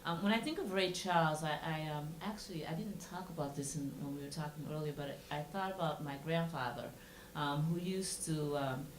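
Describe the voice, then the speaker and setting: A woman's voice: deep voice, brisk, a little hiss or hum. A woman speaking on a symposium panel as a dancer, reflecting with many hesitations. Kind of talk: panel discussion remarks. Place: symposium panel in a large room. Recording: roomy room sound.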